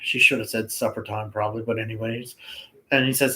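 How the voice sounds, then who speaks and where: A man casually reading his own fiction aloud, unhurried and flat, now and then pausing to find his place. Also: on the low side, poor audio.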